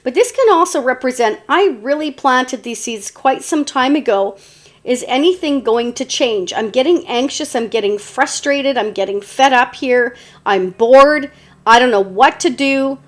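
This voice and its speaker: A woman with a fairly high voice talks through a tarot spread for her viewers. She rambles in a loose, conversational way, full of "like" and "you know," often restarting her sentences. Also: unhurried. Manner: chatty, meandering, many fillers and restarts. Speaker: tarot reader. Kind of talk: casual tarot reading to camera.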